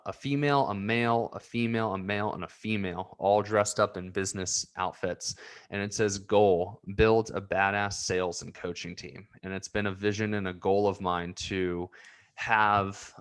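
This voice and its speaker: A man's voice: on the low side, fairly even intonation, normal speed, a bit bright, smooth. A man in his twenties rambling earnestly in a personal vlog, getting emotional as he talks. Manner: emotional, earnest, repeats himself. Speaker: vlogger.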